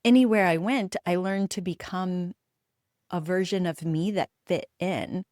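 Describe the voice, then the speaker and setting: A woman's voice: lowish voice, fairly even intonation, darkish tone, no echo, clean studio sound. A woman from the United States hosting a solo podcast, telling personal stories in a candid, emphatic way and swearing freely. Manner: reflective storytelling with frequent pauses. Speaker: podcast host.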